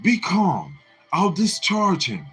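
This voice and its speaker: A man's voice: mid-range voice, very animated, a little slow, pushed and bright, slightly rough, faint music behind, heavily acted. Man voicing a rattled young husband, tense and bossy, storybook reading. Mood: agitated. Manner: agitated, pleading, then commanding.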